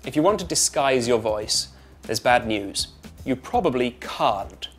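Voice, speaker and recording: A British actor and voice coach explaining technique. He talks loudly and fast, with crisp consonants, a twangy tone and a lively rise and fall. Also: mid-range voice, soft background music. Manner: lively up-and-down intonation; fast talker. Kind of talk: instructional talk to camera.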